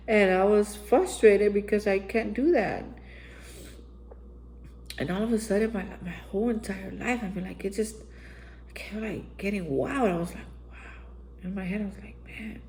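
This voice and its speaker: A woman's voice: mid-range voice, normal speed, darkish tone, a little hiss or hum, poor audio. A woman hosting a daily reflection channel, telling an earnest personal recovery story and acting out her own past lines. She is from Texas.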